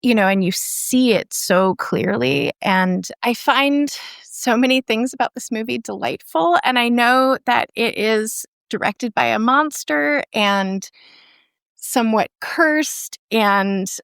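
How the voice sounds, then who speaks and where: A woman's voice: fairly high pitch, takes it slowly, vocal fry, fairly bright tone, smooth, dry recording, studio quality. A woman filmmaker, a podcast guest, retelling a film plot in casual chat and filling it with "like".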